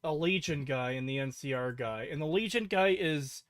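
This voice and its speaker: A man's voice: fairly high pitch, normal speed, fairly bright tone, no echo. A man hosting a casual podcast, blunt and profane as he rants about what annoys him. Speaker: podcast host. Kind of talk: casual chat.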